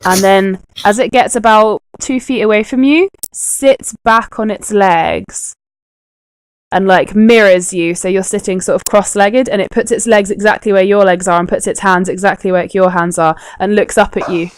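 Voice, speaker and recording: A woman's voice: medium pitch, fairly even intonation, moderate pace, poor audio. A woman narrating a tabletop game as game master, descriptive and full of hesitant fillers.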